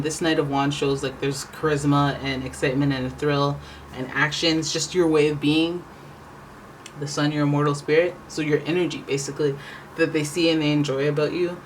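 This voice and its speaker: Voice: medium pitch, a little hiss or hum, poor audio. A tarot reader giving a casual reading, talking in a rambling, chatty way that keeps correcting itself.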